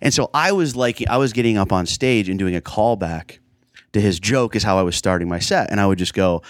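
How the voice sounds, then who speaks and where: A man, a comedian, chatting casually in a hotel room and telling lively stories, laughing often. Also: on the low side, brisk, no room sound, clean studio sound. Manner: animated storyteller, laughs often. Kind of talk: casual chat.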